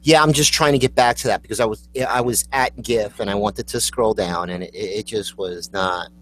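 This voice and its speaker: A man's voice: fairly low pitch, moderate pace, a bit bright. A man co-hosting a casual chat, ranting bluntly and swearing, often laughing. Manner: blunt, profane rants with laughter. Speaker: co-host. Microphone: computer setup.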